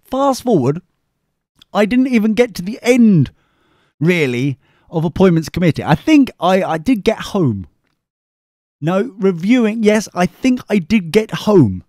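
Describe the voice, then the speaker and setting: A man's voice: high-pitched, big pitch swings, a little slow, mellow, no echo, studio quality. A man hosting a podcast, rambling through a comic story with sarcastic asides to the listener. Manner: chatty, self-mocking, sarcastic asides to the listener. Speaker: podcast host.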